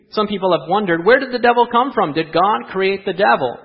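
A man preaching a sermon in a church, asking the congregation rhetorical questions and moving between quiet asides and raised emphasis. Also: high voice, moderate pace, few pauses, husky, highs cut off. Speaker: pastor. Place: church sanctuary.

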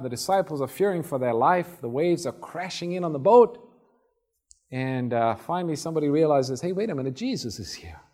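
Male preacher, relaxed storytelling sermon delivery, acts out scenes. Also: fairly high pitch. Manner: conversational, acts out Bible scenes.

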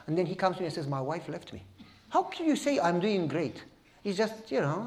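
A pastor with a Romanian accent preaches in a sermon, his pitch swooping up and down as he acts out conversations. He often checks in with the congregation, asking if they follow him. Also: normal speed. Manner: animated, repeats "You follow me?". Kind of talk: sermon storytelling.

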